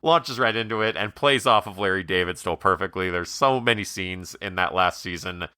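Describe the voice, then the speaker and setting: A man co-hosting a podcast in casual chat, retelling scenes with animated energy. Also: moderate pace, smooth, dry recording, clean studio sound. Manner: animated storyteller, acts out quoted scenes at a much higher pitch. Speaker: podcast co-host.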